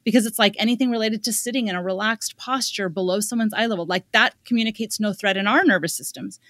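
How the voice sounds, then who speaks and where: A woman guest on a podcast telling a story about a client in a lively, conversational way, acting out the quotes as she goes. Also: medium pitch, fast, dry recording, studio quality. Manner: animated, quotes others in lively asides. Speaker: guest parenting expert.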